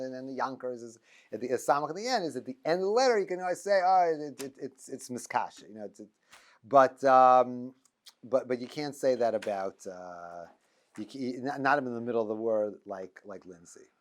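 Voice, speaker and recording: A man's voice: mid-range voice, animated, fairly quick. A middle-aged man, a rabbi teaching a class, talking in a loose, joking way, full of restarts and stammers. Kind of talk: informal lecture. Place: classroom with students.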